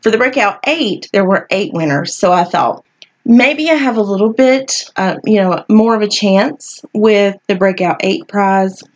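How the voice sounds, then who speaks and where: A woman's voice: mid-range voice, lively intonation, unhurried, dull audio. A woman hosting her own podcast, sounding tired and groggy, talking frankly in a chatty way with frequent light laughs. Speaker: podcast host. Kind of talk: casual solo podcast talk.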